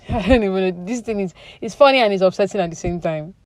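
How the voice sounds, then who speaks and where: A woman's voice: medium pitch, fast talker, no room sound. Chatty woman recapping reality TV. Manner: chatty, opinionated, many fillers like "you know". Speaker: reality TV commentary vlogger. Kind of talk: casual recap commentary.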